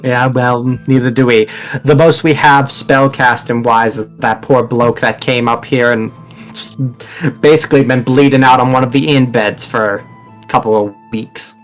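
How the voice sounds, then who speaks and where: A man's voice: medium pitch, steady tone, moderate pace, faint music behind. Casual man running a tabletop game. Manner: casual, rambling, with fillers. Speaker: game master.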